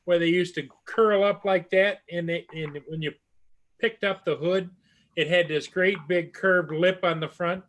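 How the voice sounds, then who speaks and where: A man's voice: high voice, steady tone, unhurried, fairly bright tone. An older man in casual chat, telling a folksy anecdote from the old days.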